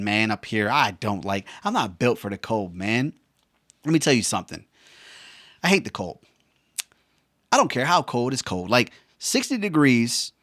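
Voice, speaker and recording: A man's voice: medium pitch, a bit bright, no room sound, clean studio sound. A man, a veteran and former helicopter pilot, rambling casually with slangy jokes. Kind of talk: casual monologue.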